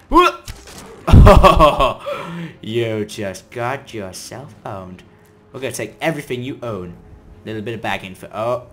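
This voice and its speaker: A man giving chatty, excitable commentary as he plays a game, breaking into sudden loud outbursts. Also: lowish voice. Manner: chatty running self-talk while playing. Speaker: gaming video creator. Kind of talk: let's-play gameplay commentary.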